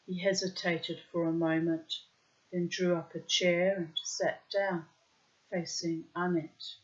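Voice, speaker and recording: A woman reading a story aloud as narrator, in a measured, even narrating voice. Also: on the low side. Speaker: audiobook narrator. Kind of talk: scripted narration. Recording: dull lo-fi recording.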